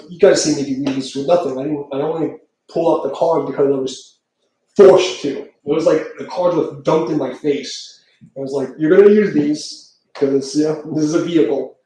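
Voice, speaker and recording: A man rambles through a casual live-stream chat, swearing freely and laughing between thoughts. His voice is mellow and a bit high for a man. It rings in a very echoey room, picked up from a good distance away from the mic. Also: a little hiss or hum. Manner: rambling, profane, laughs often. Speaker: tarot reader streaming live.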